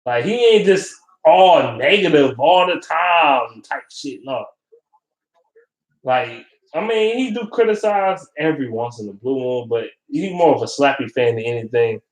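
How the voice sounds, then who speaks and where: A man's voice: mid-range voice, animated, a little slow. Profane, ranting man in an echoey room. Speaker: vlogger. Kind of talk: casual sports rant. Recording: roomy echo.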